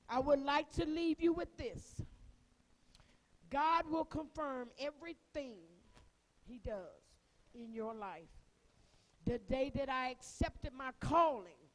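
A woman minister with a Southern US accent preaching a testimony sermon, fervent and crying, swinging from soft words to shouts. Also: a little high, low-quality recording.

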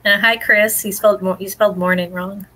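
A woman's voice: medium pitch, steady tone, fairly quick, sharp tone, low-quality recording. A woman hosting a casual livestream, greeting viewers and reading comments, laughing often. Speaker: host.

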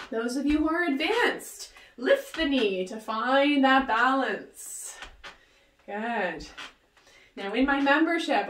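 Exercising along with her class, a woman fitness instructor cheers with whoops and countdowns in an upbeat, fairly high voice. The recording is roomy with her voice far from the mic and carries slight hiss or hum.

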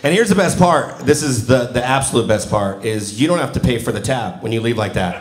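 A man's voice: mid-range voice, expressive, fairly quick. Self-mocking stand-up comic in his forties. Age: 40s. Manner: storytelling, self-mocking, acts out dialogue. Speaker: stand-up comedian. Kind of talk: stand-up comedy set. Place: comedy club stage before a live audience. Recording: roomy live venue with crowd noise.

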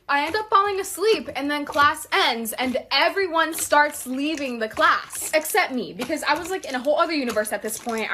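A woman's voice: sits high, pushed and bright, a little hiss or hum. A young woman telling an embarrassing school story in a giggly, sheepish way. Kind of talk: storytime narration.

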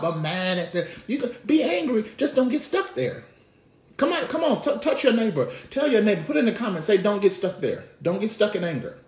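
A man preaching from the pulpit in a conversational, slangy style. His voice sits a little high and drops to a hush before rising to shouted call-and-response. The sound echoes around a reverberant room. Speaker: pastor. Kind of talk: sermon.

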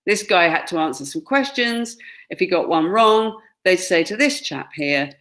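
A woman's voice: fairly low pitch, animated, moderate pace, fairly bright tone. A woman gives a classroom lecture, pointing out pictures and acting out quoted lines. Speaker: teacher.

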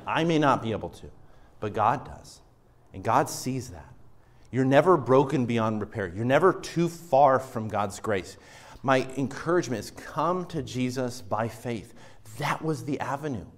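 A man preaching a sermon as pastor, earnest, rising louder on emotional points and dropping soft for scripture, often restarting and repeating words. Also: on the low side.

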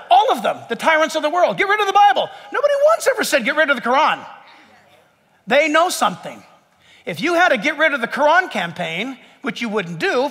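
A man's voice: extremely high pitch, bright, forceful tone, in a large hall. A male pastor preaching an impassioned sermon to his church, full of emphatic rhetorical questions and jokes. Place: church sanctuary.

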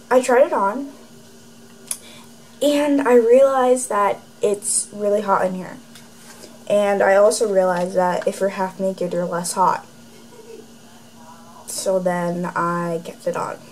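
This is a chatty at-home vlog from a teenage girl who rambles, stays sarcastic, and fills her talk with "like," addressing a camera aimed at her. She has a medium-pitched, darkish voice, and the low-quality audio has a bit of hiss or hum.

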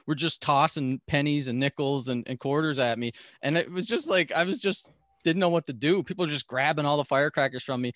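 Male podcast guest, mid-pitched, animated storyteller who laughs a lot; close, dry mic. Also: dry recording. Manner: animated, laughs often, acts out quoted voices. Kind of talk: storytelling in a casual interview.

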